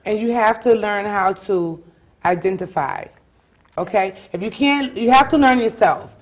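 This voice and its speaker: A woman's voice: mid-range voice, a little slow. Woman hosting a casual talk show. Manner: encouraging, asks questions, repeats herself.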